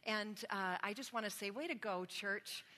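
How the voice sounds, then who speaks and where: A woman's voice: mid-range voice, normal speed, sharp tone. A woman pastor giving a sermon to her congregation, telling stories about herself with a conversational, self-deprecating manner. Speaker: spiritual formation pastor. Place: church sanctuary. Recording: long reverb of a large hall.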